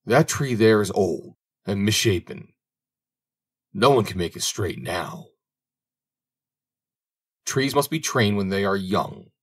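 Older peasant father, stern and worried, read by a man; low, husky, lively pitch. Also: slow pace, pauses often, exaggerated voice. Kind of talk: audiobook reading.

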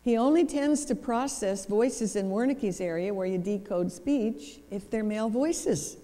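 A woman speaks to a church seminar audience in her lowered professional voice, steady and explanatory with dry flashes of humor. Her tone is dark and mellow, and the hall rings behind her with a long reverb. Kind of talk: seminar talk. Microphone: handheld or lapel microphone.

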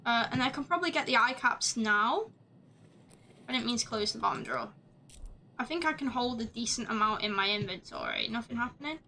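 A woman streaming a game live, chatting along as she plays, swearing freely and shouting at the screen. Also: a little high, expressive, brisk, slight background noise. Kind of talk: live gameplay commentary.

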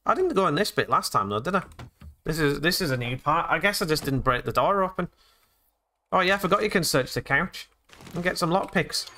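A man's voice: fairly high pitch, sharp tone, slight background noise. A man hosting a let's play video, chatting and joking his way through a game and talking to the characters. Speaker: gaming channel host.

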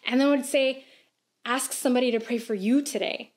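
A woman in her thirties preaching to a church livestream with a fairly high voice. She talks in an earnest, conversational way and asks gentle questions as she goes. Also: a little fast. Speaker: pastor. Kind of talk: sermon.

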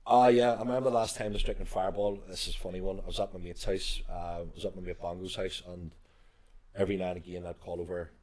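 A very deep-voiced man in his thirties, co-hosting a casual podcast. He tells stories in a loose, chatty way and laughs easily. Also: fairly even intonation, fast talker, darkish tone. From Northern Ireland. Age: 30s. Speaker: podcast co-host, gym owner and personal trainer. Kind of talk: casual chat.

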